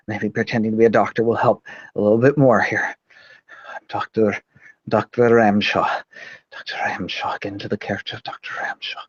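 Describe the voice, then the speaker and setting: A man's voice: medium pitch, no echo, highs cut off. A man playing a tabletop game, rambling in the first person about what his character does. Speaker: player.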